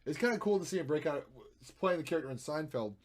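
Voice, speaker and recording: A man streaming while he edits photos, chatting and thinking aloud, with playful sound effects and jumps between loud and quiet. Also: on the high side, expressive, fast talker. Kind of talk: casual live-stream commentary.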